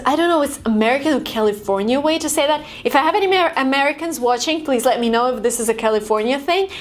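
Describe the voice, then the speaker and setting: Fairly high-voiced woman, chatty english lesson, acts out big reactions. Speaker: language vlogger teaching English phrases. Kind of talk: casual video lesson. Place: lives in San Francisco.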